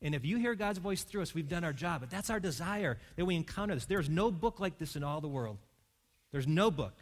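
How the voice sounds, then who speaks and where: Man preaching, loud to hushed. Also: a little high, expressive, brisk. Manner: conversational preaching with wide swings from loud to hushed. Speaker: pastor. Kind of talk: sermon.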